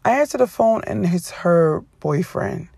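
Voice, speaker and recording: A woman casually retelling a personal story to her viewers, rambling and animated with frequent self-corrections. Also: fairly low pitch, unhurried, gravelly, husky, no room sound.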